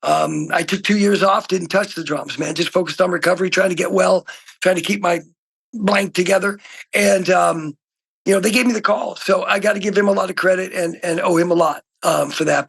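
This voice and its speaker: A middle-aged man from Oregon speaks as an interview guest, his voice pitched very high, bright and husky. He tells stories excitably, jumping from loud outbursts to quiet, hushed stretches. He is heard over a phone call. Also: fairly quick. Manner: excitable storyteller, swings from shouting to hushed. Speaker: guest musician. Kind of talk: casual interview chat.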